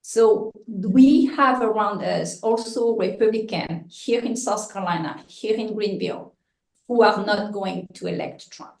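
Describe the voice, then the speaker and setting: A woman's voice: mid-range voice, a little slow, creaky. A woman running for local office, giving an impassioned, joking and blunt campaign speech at a meeting. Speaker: political candidate. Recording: echoey meeting room.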